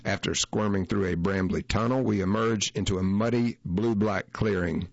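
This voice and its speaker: A man reading a first-person feature story aloud in a measured, unhurried way. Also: lowish voice, steady tone, muffled recording. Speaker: narrator.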